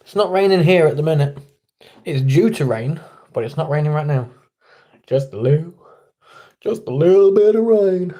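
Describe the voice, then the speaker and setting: A man's voice: medium pitch, mellow. An English man hosting a casual livestream from home, rambling and self-deprecating as he chats with viewers. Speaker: livestream host. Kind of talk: casual live chat. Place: at home indoors.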